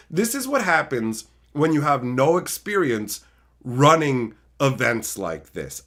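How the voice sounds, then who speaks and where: A man tells a story in a loose, casual vlog style, swearing freely and exclaiming often. His pitch swings widely, rising high when he gets worked up and dropping low for asides. He sounds like he is talking from his own room among his card boxes. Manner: animated, profane, exclaiming. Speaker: card game streamer.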